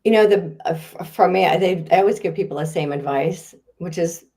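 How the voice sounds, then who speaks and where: In a podcast interview, a woman who writes and speaks professionally replies at a brisk clip. Her voice is fairly low, and her manner is talkative, lively, and full of laughter.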